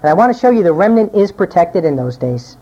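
Animated woman preaching, dull lo-fi recording. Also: quick pace. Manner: animated, acts out quoted voices with big pitch swings. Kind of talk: sermon with scripture reading.

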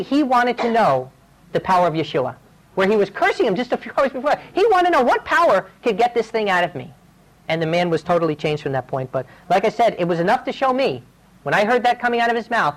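A man's voice: high-pitched, low-quality recording. A male preacher giving a sermon, telling his own stories in an earnest, urgent way.

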